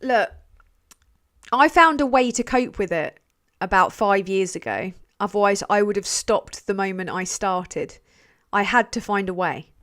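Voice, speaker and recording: A woman's voice: mid-range voice, unhurried, a bit bright. Chatty, sweary woman streamer. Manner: chatty, sweary, self-deprecating. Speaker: livestream host. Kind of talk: casual livestream chat reading donations.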